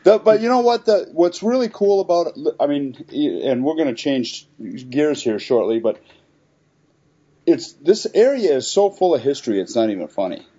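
Easygoing man with a dark, mellow voice. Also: fairly high pitch, big pitch swings, moderate pace, muffled recording. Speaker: podcast co-host. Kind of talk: casual chat.

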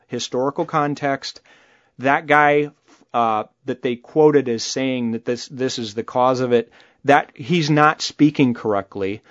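A mid-range male voice belongs to a podcast co-host who talks politics casually and bluntly, animated and cursing freely. The recording has no echo and its highs are cut off.

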